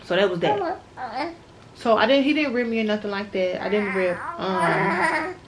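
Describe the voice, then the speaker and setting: Young woman, casual to-camera storyteller, medium pitch, emotional and talky, steady background noise. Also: moderate pace. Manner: chatty, addresses viewers as y'all, emotional retelling. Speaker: new mother vlogger.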